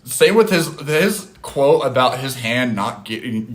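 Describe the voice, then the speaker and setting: A man at home talks to his chat over a phone mic, in an animated, loose way. He swears casually and reads viewers' comments aloud, replying as he goes. His pitch is average for a man. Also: slow pace, few pauses. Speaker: streamer. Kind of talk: casual live-stream chat.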